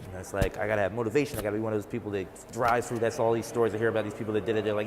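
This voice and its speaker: A man's voice: on the low side, level tone, rapid-fire, hardly any pauses, long reverb tail, a little hiss or hum. A man telling a rambling, self-mocking story in casual conversation, acting out his own thoughts as he goes. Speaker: interviewee, open mic performer. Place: art gallery opening.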